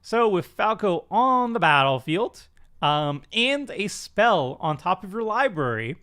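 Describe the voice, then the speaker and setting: A man with a slightly high-pitched voice chats casually through a card review. He talks in a loose, self-deprecating way, full of "um"s, restarts and asides. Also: big pitch swings, measured pace, a bit bright, clear, resonant tone. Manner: chatty, self-deprecating, many fillers and restarts. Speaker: commander stream host.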